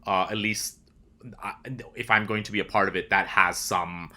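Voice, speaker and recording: Earnest man with a bright, low voice. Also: level tone, normal speed. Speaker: actor guest. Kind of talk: casual podcast interview chat.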